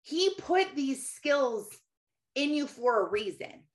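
A woman's voice: sits high, sing-song, takes it slowly. A woman in her thirties giving casual, encouraging faith-based coaching, chatting to viewers by name and laughing often. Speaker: Christian mentor hosting a live session.

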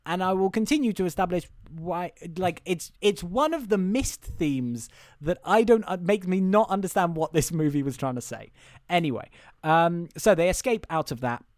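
A man's voice: sits high, expressive, normal speed, darkish tone, no echo, studio quality. A man casually recapping a film for a comedy podcast, rambling with restarts. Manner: rambling, restarts, breaks into goofy character voices.

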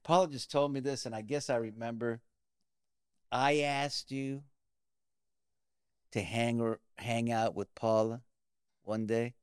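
A middle-aged man hosting a casual conversation, playful and expressive as he tells his own stories. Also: medium pitch, slow pace, pauses often, smooth, no echo, studio quality. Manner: expressive, playful, earnest asides. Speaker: podcast host.

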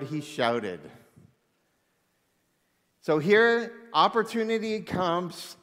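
Male preacher, fairly high voice, lively and then suddenly hushed, long reverb of a big hall. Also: a little slow. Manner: animated, swings between loud excitement and hushed intensity. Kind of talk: sermon.

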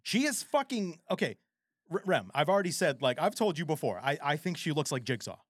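A man co-hosting a podcast in casual chat, animated and rambling, with frequent swearing. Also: a little high, fairly quick, dry recording, clean studio sound. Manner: animated, profane, rambling storyteller. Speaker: podcast co-host.

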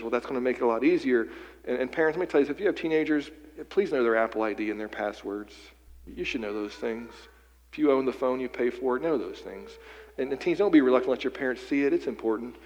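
A man's voice: medium pitch, in a large hall, poor audio. A man preaching a sermon from western Pennsylvania, telling a personal story in a conversational way and often repeating his words as he goes. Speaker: pastor.

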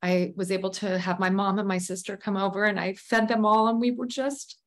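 A woman's voice: medium pitch, level tone, fairly quick. Woman telling a candid personal story. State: tearful at moments. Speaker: guest author. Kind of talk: casual podcast conversation.

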